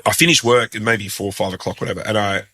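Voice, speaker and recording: Talking fast in a fairly low voice, an Australian guest spins a story in a relaxed, lively, self-deprecating way, performing each quoted line.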